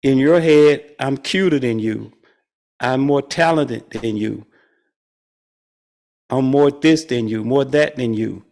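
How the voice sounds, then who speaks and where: A man's voice: mid-range voice, slow, long pauses. A man leading a spiritual study group, teaching in a conversational way and chuckling often. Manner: chuckles often, animated and playful.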